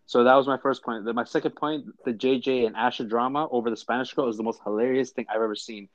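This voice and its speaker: A man co-hosting a podcast in casual chat, animated and full of "like" and "I'm like". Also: mid-range voice, fast, no room sound, dull audio. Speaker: podcast co-host.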